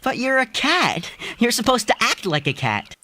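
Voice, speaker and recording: A man voicing a teasing, easygoing young man in an animated film, speaking to his talking cat. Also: very high-pitched, moderate pace, heavily acted.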